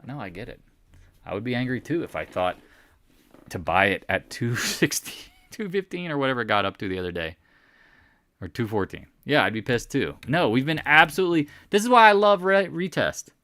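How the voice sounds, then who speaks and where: A man hosting a casual live stock market recap, animated and sarcastic, often teasing imagined viewers. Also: medium pitch, a little fast, no echo, studio quality.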